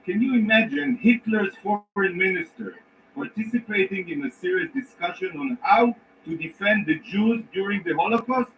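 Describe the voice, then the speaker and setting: A man delivers an emphatic, indignant formal address in a large council chamber, pausing deliberately between phrases. His voice sits a little high and comes from a distance. The recording is dull and carries a faint hiss. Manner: emphatic, indignant, measured pauses. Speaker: ambassador addressing the Security Council. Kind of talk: formal prepared speech.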